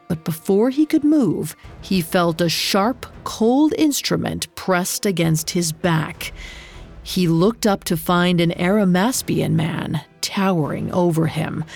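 A woman reading a story aloud in a steady, unhurried manner as its narrator. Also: fairly low pitch, gravelly. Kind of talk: scripted narration.

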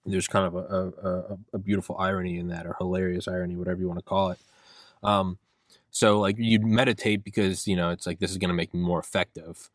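A man's voice: low voice, level tone, fairly quick, dry recording, studio quality. A young man hosting a solo podcast rant, rambling and swearing, acting out his own inner voice. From United States. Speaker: podcast host.

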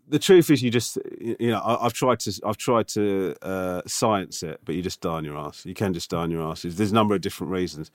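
A man's voice: low voice, dry recording. A man co-hosting a podcast as a comedian, talking frankly and teasing his partner in a dry way. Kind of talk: casual chat.

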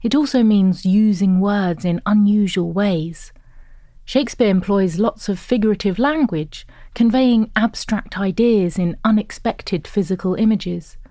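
A woman narrating an educational course in a clear, even, instructive scripted read. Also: mid-range voice, unhurried, no echo, studio quality.

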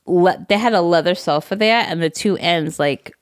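A middle-aged woman co-hosting a podcast, chatting in a relaxed way, swearing casually and laughing. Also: on the low side, moderate pace, dry recording, studio quality. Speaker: podcast co-host. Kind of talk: casual chat.

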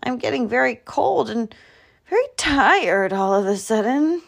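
A woman voicing a big, grumpy, sleepy male bear who speaks slowly with a growl. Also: mid-range voice, creaky, fairly bright tone. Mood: tired. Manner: slow and growling.

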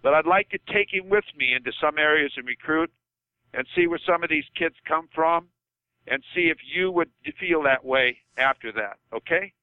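Older male coach calling in by phone, earnest and heartfelt, crisp voice through a tinny line. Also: a little high, animated, normal speed, dry recording. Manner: passionate, repeats himself, says okay. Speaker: football coach guest. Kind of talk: podcast phone-in chat.

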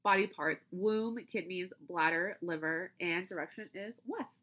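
A woman's voice: on the low side, measured pace, lo-fi sound. A woman hosting a podcast, reading out long lists item by item and then explaining things loosely, with restarts along the way. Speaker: podcast host. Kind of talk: casual podcast chat.

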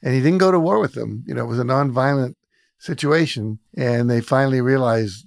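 A man hosting a podcast talks through stories in an easy, reflective way. His voice sits at a middle pitch. The sound is dry and close. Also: fairly quick, vocal fry, no echo. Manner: storytelling, reflective. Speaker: podcast host. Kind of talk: casual interview chat.

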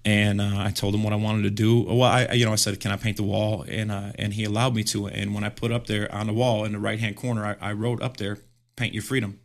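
Man, middle-aged, slightly low voice, animated casual storytelling, laughing often, many fillers. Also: quick pace. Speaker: podcast guest, graffiti artist.

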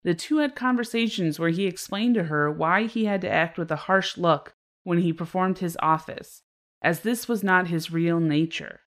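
A woman's voice: fairly low pitch, normal speed. A woman co-hosting a casual true-crime podcast, reading case notes and breaking into laughter. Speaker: podcast co-host.

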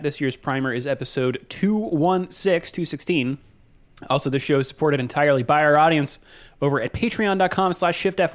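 A man hosting a casual podcast, joking with his co-hosts and reading the show plugs smoothly. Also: on the high side. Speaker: podcast host.

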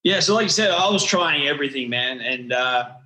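A man's voice: mid-range voice, lively intonation, a little fast, bright, forceful tone, roomy sound, rough recording. A man in his thirties with an Australian accent, telling stories as a guest in a casual interview, slangy and full of restarts. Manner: rambling storyteller, slangy, many restarts.

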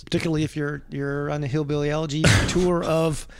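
A man's voice: a little high, level tone, a little fast, clean tone. A man co-hosting a casual podcast chat, rambling and often trailing off while he hunts for names. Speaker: podcast co-host.

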